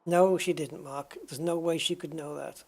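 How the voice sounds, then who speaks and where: A man with a gravelly, slightly husky voice that sits a little high, rambling through chat messages while he plays. He wanders off on tangents and teases himself as he answers viewers at his desk. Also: steady tone, normal speed, darkish tone. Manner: rambling and self-mocking, reads and answers chat. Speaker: gaming streamer. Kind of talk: casual live-stream chat.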